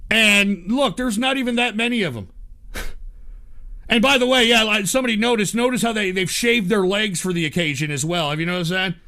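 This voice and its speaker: Profane, ranting high-voiced man. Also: fairly quick, vocal fry, sharp tone. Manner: profane, heated and mocking, reads viewer donations aloud. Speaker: livestream host. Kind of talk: angry political rant.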